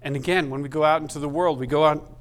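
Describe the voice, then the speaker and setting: Halting, emotional male pastor preaching. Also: a little high, steady tone. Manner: halting, emotional delivery with many restarts. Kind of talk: sermon. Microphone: microphone.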